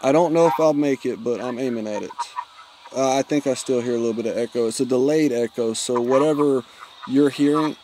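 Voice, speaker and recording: A man's voice: mid-range voice, brisk, darkish tone, a little hiss or hum. A man, chatting casually with viewers while streaming a mobile game. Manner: laid-back, chatty, self-teasing. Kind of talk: casual live-stream chat.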